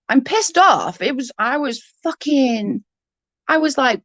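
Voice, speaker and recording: A woman's voice: sits high, animated, slow pace, no echo. Angry ranting woman, dry close sound. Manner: angry, swearing, ranting with restarts. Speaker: livestream guest. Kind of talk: heated casual chat.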